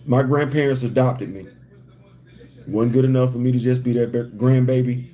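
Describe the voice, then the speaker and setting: A man's voice: medium pitch, fairly even intonation, normal speed, dark tone. A man hosting a casual livestream chat from a hotel room, joking and repeating his phrases. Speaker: host.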